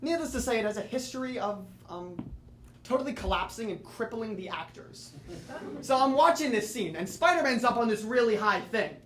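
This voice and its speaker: A teenage boy performing a solo comedy monologue, telling lively comic stories with asides to the audience. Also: extremely high pitch, normal speed, reverberant, slight background noise. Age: teens. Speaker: student performer. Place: theatre or classroom with audience.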